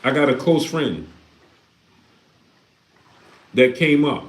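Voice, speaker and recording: A very animated man with a mid-range voice speaks at a slow pace. He is a livestream host reading Super Chats, talking casually and preaching with repeated rhetorical questions, and the recording carries the echo of the room.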